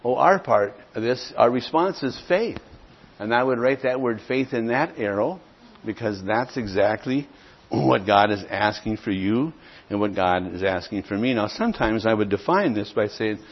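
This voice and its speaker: A man teaching how to explain a gospel tract, speaking in a plain conversational way, often clearing his throat and checking in with "okay?". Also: lowish voice, animated, normal speed. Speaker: evangelism teacher. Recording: dull lo-fi recording.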